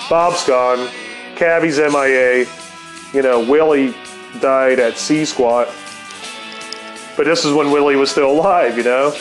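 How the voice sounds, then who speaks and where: A man in his fifties spins a loose, profanity-laced yarn in a relaxed, unhurried way, peppering it with "man" and "dude". Guitar music plays clearly behind him. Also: fairly high pitch, low-quality recording. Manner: profane, laid-back, heavy swearing with fillers like "man" and "dude". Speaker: storyteller. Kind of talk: rambling personal storytelling. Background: guitar music playing.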